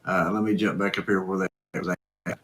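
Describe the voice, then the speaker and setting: A man's voice: sits low, fairly even intonation, a little fast, a bit bright. A man hosting a live stream, reading viewer comments and chatting in an easygoing, folksy, rambling way. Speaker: host.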